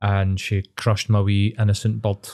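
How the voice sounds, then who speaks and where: A man's voice: lowish voice, flat delivery, moderate pace, dark tone. Scottish guy cohosting a podcast, supportive and earnest, laughs a lot. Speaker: podcast co-host. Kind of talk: casual chat.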